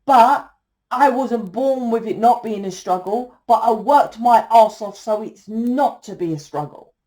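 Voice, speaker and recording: A woman's voice: a little high, a little slow, dark tone. Blunt woman giving a tarot reading. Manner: blunt, swears freely, keeps asking "right?". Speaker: tarot reader. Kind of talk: casual tarot reading monologue.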